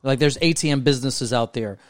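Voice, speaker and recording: A man's voice: medium pitch, brisk, no room sound, studio quality. A young man from New York co-hosting a podcast, chatting casually and rambling with lots of "like" and "you know". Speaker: podcast co-host.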